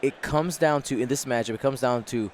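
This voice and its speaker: A man co-commentating a tabletop tournament, playful and quick with banter. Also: medium pitch, a little hiss or hum. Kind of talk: casual game commentary.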